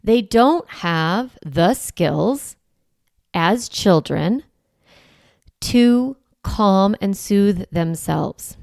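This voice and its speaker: A woman in her forties hosts a parenting podcast in a chatty, coaching tone. Her voice carries a gravelly fry at the ends of phrases. The sound is close and dry, with no room around it. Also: on the low side, a little mellow, no room sound. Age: 40s. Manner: conversational and reassuring, often asking "right?". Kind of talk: solo podcast teaching.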